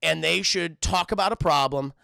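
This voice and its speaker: A man's voice: on the high side, normal speed, vocal fry, pushed and bright, dry recording, clean studio sound, exaggerated voice. A man voicing a whiny, petulant young male Jedi in a mocking, sulky way.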